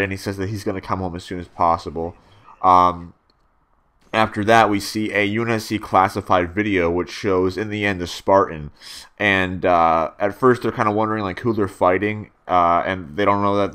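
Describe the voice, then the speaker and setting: A man's voice: lowish voice, bright, forceful tone. A young man giving a casual spoken video review, rambling with many fillers and restarts and swearing freely.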